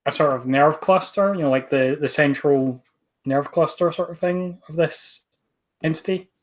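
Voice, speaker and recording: A player in a tabletop game, speaking in a halting, casual way. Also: mid-range voice. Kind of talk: tabletop role-play chat.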